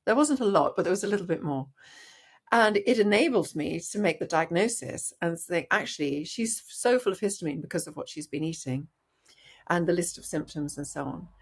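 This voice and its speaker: Brief: woman, middle-aged, low-pitched, earnest storyteller, interview guest. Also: brisk, husky. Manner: animated, earnest, frequent restarts. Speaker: doctor guest.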